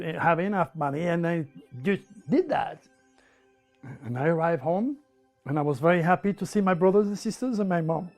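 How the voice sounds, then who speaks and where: An older man with a French accent tells a personal story in a high, lively voice. He talks in an emphatic, animated way and leans on repeated words. Soft music plays faintly underneath. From France. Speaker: interviewee. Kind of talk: storytelling anecdote.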